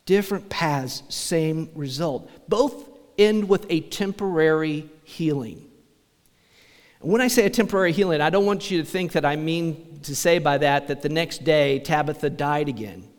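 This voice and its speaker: A man's voice: fairly high pitch, normal speed. A man preaching a sermon as pastor, talking conversationally and asking the congregation rhetorical questions. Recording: long church reverb.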